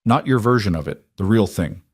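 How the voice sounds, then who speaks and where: A man voicing a calm protective rancher. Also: lowish voice, brisk, slightly rough, no echo, studio quality. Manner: calm and even. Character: protective male rancher, steady and restrained.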